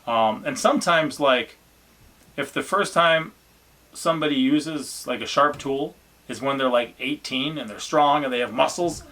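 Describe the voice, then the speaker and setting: A man's voice: mid-range voice, moderate pace, sharp tone. A man, a family vlogger chatting casually and encouragingly about his children. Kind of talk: casual chat.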